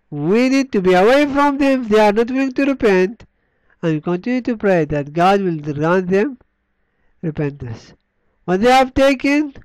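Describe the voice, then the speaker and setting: High-voiced, slow-preaching man. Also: a little mellow, clean tone, no room sound, rough recording. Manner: slow, deliberate preaching with long pauses and falling line endings; reads scripture aloud in an earnest tone. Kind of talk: sermon.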